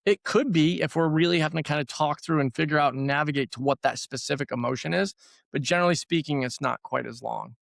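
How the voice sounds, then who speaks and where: Gravelly man explaining casually. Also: fairly high pitch, quick pace, dry recording, studio quality. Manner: conversational, repeats words for emphasis. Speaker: trauma therapy practitioner. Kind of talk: casual podcast conversation.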